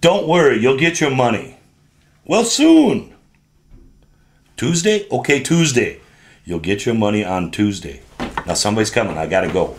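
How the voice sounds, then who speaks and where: An actor playing a smooth-talking Southern gentleman in a radio soap, with a Southern accent and a flowery, flattering way of talking. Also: medium pitch, normal speed, long pauses, natural voice. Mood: evasive.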